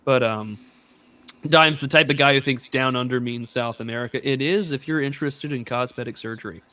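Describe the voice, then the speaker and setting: A man's voice: mid-range voice, fairly quick, bright, forceful tone. A young man hosting a podcast in casual chat, sarcastic and joking, with frequent swearing. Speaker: podcast host.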